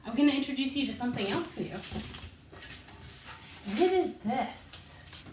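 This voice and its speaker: Slow-paced woman music teacher, roomy echo. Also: high voice, expressive, background noise. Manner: counts rhythm syllables aloud while moving; encouraging, patient teacher talk. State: out of breath. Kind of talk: online music lesson. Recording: echoey room, voice from a distance.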